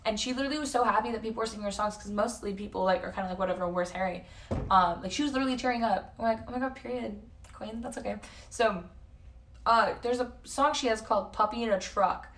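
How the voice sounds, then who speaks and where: A woman's voice: a little high, quick pace, a bit bright, a little hiss or hum. Young woman, live-stream chat, rambling, swears a lot, hotel room, echoey, distant from mic. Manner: rambling, swears freely, jumps between tangents. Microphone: facecam at a distance.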